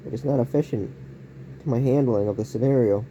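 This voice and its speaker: A man rambling through a casual home vlog indoors, using odd word choices and breaking into sudden yelled outbursts. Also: mid-range voice, fairly quick, highs cut off, a little hiss or hum. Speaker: vlogger.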